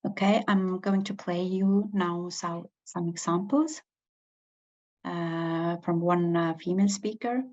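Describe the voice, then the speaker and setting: Woman lecturer, slow and halting, lotta uhs, kinda dull lo-fi sound. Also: lowish voice, darkish tone. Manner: hesitant, many pauses and fillers. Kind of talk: university lecture. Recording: dull lo-fi recording.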